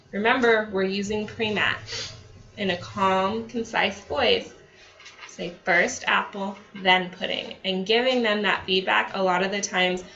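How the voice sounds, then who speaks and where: A woman training therapists in a relaxed, conversational way, full of fillers and acted-out examples. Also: mid-range voice. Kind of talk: staff training talk. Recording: dull lo-fi audio.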